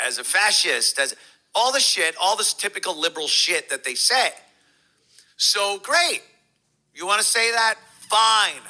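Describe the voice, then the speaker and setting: A man's voice: fairly high pitch, sharp tone, poor audio. A man giving a heated, profane, mocking reaction commentary.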